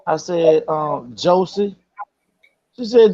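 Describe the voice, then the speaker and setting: Host, male, high voice, animated storyteller, slightly muffled audio. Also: slow, long pauses. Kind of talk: casual storytelling chat. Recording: slightly dull lo-fi sound.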